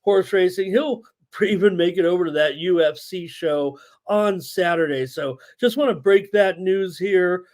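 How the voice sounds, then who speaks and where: A man hosts a live sports betting stream, talking casually with lots of fillers and reading viewer chat aloud. His voice is high-pitched and unhurried, with a darkish tone.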